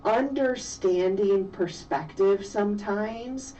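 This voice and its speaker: A middle-aged woman, a physician and mother, telling a personal story slowly and reflectively in an interview. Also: mid-range voice, mellow. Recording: distant, dull lo-fi sound with faint noise.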